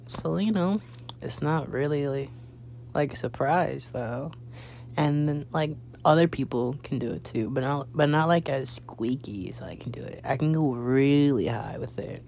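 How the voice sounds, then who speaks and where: A young man chats casually as a podcast host, wandering through his thoughts with plenty of fillers and restarts. His voice sits at a middling pitch. A faint hum runs underneath the recording. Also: a little slow, vocal fry, a little mellow. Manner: rambling, many fillers and restarts. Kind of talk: casual solo podcast chat.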